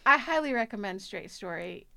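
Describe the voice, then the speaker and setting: A woman's voice: mid-range voice, lively intonation, moderate pace, gravelly, over a noisy crowd. A woman co-hosting a film club podcast, talking casually about a movie in a rambling way full of likes and restarts.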